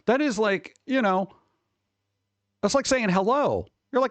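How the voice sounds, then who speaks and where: A man ranting on a casual livestream about advice posts, swearing freely and mocking people in quick put-on voices, his tone exasperated and sarcastic. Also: very high voice, very animated, dry recording. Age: adult who worked at a record store. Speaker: streamer reacting to advice posts.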